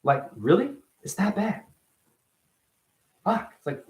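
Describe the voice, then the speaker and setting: Male vlogger, fairly high and highly animated; profane, taunting, rapid-fire questions at the audience. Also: rough recording. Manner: profane, mocking, swings between shouting and murmuring; rapid rhetorical questions at the viewer. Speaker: self-styled spiritual vlogger. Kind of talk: unscripted monologue to camera.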